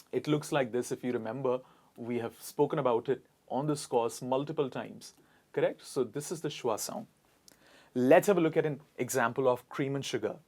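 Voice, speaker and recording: A mid-pitched man from India leads an online English pronunciation lesson. He stresses words deliberately and drills his listeners to repeat after him.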